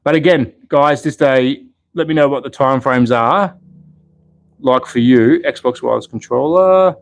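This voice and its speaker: An Australian man from Melbourne who runs a slot car channel hosts a casual live stream in a creaky, mid-range voice, taking his time. He chats, thinks out loud and responds to viewers' chat messages.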